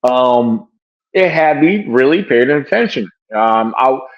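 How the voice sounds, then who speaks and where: A man's voice: medium pitch, animated, slow pace, dull audio. An older man, a researcher guest, answering interview questions casually from a room at home, rambling with many fillers and restarts over a video call. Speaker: wildlife and bigfoot researcher guest.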